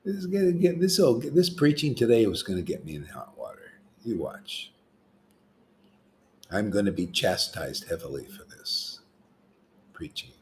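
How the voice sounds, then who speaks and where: A man preaching an informal devotional sermon, animated and chatty, slipping into slang and chuckling between points. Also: fairly low pitch, a little slow, pauses often, slight background noise. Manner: animated, acts out quoted voices; chuckles often, casual slang. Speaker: spiritual teacher.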